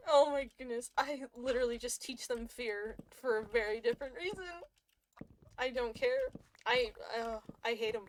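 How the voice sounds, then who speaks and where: A woman's voice: fairly high pitch, a little slow. A woman streamer chatting casually and rambling, joking and laughing often. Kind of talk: casual chat.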